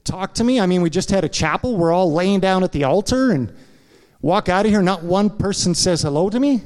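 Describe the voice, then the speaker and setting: A man's voice: high-pitched, animated, a little fast, a little mellow, long reverb tail. A man preaching a sermon in a church, telling a candid personal story and checking in with the congregation with frequent asides. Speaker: pastor. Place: church sanctuary.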